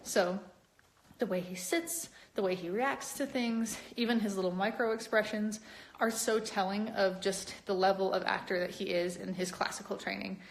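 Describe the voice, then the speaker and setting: Young woman doing a casual live stream, chatty and bouncy, pitch jumping up a lot. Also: normal speed. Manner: chatty and animated, with many upward pitch jumps. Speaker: cosplayer hosting a live stream. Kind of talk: casual live-stream chat reading viewer comments.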